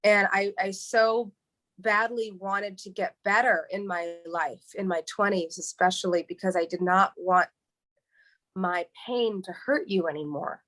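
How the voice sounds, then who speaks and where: A woman from New York, a podcast guest, speaking earnestly in a halting way, with frequent restarts and repeated words. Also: medium pitch, fairly even intonation, fairly bright tone. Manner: heartfelt and earnest. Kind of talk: emotional interview, candid storytelling.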